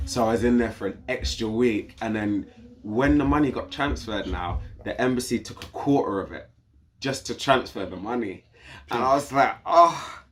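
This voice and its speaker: A British man, guest on a podcast, talks at normal speed with a somewhat low voice. His story comes out in lively, casual chat, with the quoted speakers' voices acted out.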